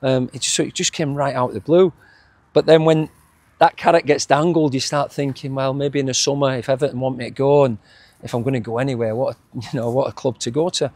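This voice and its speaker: Husky Yorkshire man reminiscing. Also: medium pitch, fairly even intonation, quick pace, darkish tone, no room sound. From England. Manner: rambling, many restarts and chuckles. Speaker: former footballer guest. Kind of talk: casual reminiscing interview.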